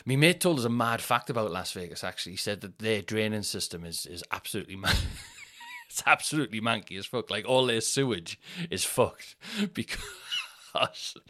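A man's voice: fairly low pitch, sing-song, moderate pace, bright, forceful tone. A Northern English man hosting his own podcast, talking alone in a rambling, sweary, self-mocking way. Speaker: podcast host. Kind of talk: casual solo podcast chat.

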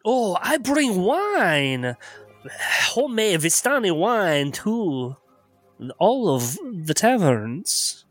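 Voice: mid-range voice, very animated, extremely slow, no echo, faint music behind, pitched above the performer's own voice, full character voice. A game master voicing a pushy traveling wine merchant with upbeat sales patter. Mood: salesy.

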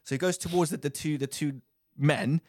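A young man telling a story in a casual podcast chat, with animated, rambling delivery that circles back and repeats phrases. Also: fairly high pitch, normal speed, no echo, clean studio sound. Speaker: podcast co-host.

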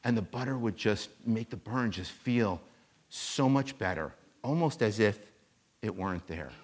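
A towering, bald revival preacher , put on by a man in a sermon, drops his voice to a soft, confiding hush. His delivery is low and intimate, a sweat-soaked evangelist pulling the crowd in close. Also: lively intonation, measured pace. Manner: hushed, confiding. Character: big bald fire-and-brimstone preacher man. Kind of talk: sermon storytelling.

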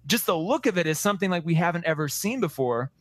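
A man co-hosting a casual podcast, rambling and animated with lots of restarts. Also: on the high side, quick pace, no echo. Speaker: podcast co-host. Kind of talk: casual chat about movies.

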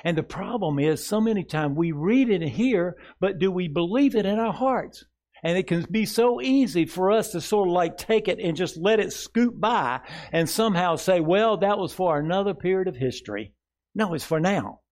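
A man preaching a sermon to a congregation, earnest, asking rhetorical questions and dropping soft for tender asides. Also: high-pitched, lively intonation, moderate pace. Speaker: pastor. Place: church sanctuary before a congregation.

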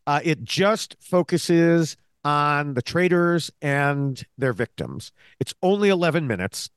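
A man co-hosts a reality-show recap podcast, chatting casually. His voice is animated and a touch high, and he drifts into fillers. The sound is dry and close, with no room echo. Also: takes it slowly, smooth. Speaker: podcast co-host. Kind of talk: casual chat.

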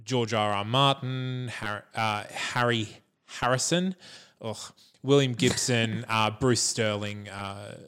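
A man's voice: lowish voice, steady tone, takes it slowly, a bit bright, clear, resonant tone. Easygoing man chatting on a podcast. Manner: easygoing, rambling with fillers and restarts. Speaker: podcast co-host. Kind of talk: casual chat.

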